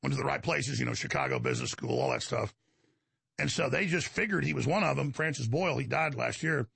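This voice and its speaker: A man's voice: mid-range voice, very animated, brisk, vocal fry, fairly bright tone, breathy edge, no room sound. A man with a Texan accent hosting a talk show, delivering a combative, rambling monologue to his listeners. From Texas. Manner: combative, digressive, addresses listeners as folks.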